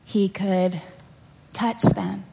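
Her voice is gravelly and dark, mid-range, with fairly even intonation and an extremely slow delivery. A children's or family pastor, she leads a church prayer then preaches in an earnest, conversational way, acting out scenes as she narrates them.

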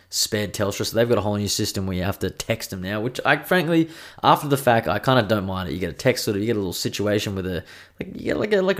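Sweary Australian man ranting, low voice. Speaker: podcast host. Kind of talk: casual monologue.

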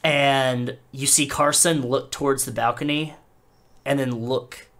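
Man, game master, mid-pitched, loose narration, lots of fillers and restarts. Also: fairly even intonation, a little slow, a bit bright.

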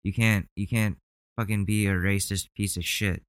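A man with a low, smooth voice, reacting out loud to clips in casual commentary. He rambles and swears, openly indignant. The sound is dry and close, with no room around it. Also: fairly even intonation, normal speed, no echo. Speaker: commentary host.

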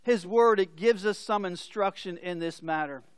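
A man's voice: high-pitched, moderate pace, smooth, no room sound. A male pastor preaching a sermon, explaining scripture and telling stories with acted-out voices.

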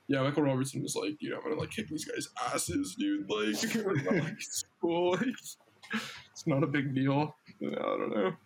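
A man's voice: on the high side, lively intonation, moderate pace. A young man chatting casually as a guest, rambling and filling his speech with "like". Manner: rambling, lots of "like". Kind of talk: casual chat.

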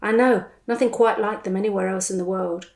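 A woman's voice: mid-range voice, brisk, natural voice. A woman voicing a blokey man. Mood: matey. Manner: blokey, slangy, lively. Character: Australian man, chatty expat, blunt. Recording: roomy echo.

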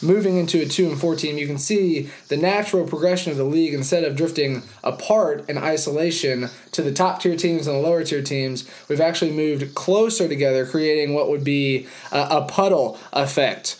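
A man's voice: fairly high pitch, brisk, hardly any pauses, darkish tone. A young man hosting a casual fantasy league podcast, talking in hyped, rambling bursts. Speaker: podcast host.

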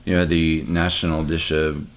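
A man's voice: extremely low pitch, level tone, normal speed, slight background noise. A man in casual chat, laid-back with dry remarks.

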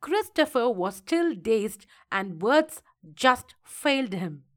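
A woman reading a fairy tale aloud in a slow, expressive storytelling manner. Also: on the high side.

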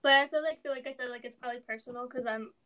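A soft-spoken young woman co-hosting a podcast, chatting casually with lots of "like" and "dude". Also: fairly high pitch, racing. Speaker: podcast co-host. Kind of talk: casual chat.

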